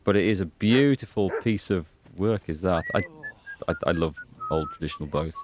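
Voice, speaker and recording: A man's voice: low voice, animated, moderate pace, background noise. A man hosting a gaming playthrough, chatting, joking and thinking aloud. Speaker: gaming host. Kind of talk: let's play commentary.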